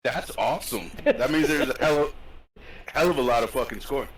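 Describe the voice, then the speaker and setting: A man chatting casually as a podcast co-host, joking and swearing through lively stories. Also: mid-range voice, fairly quick, a crowd in the background, poor audio. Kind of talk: casual chat.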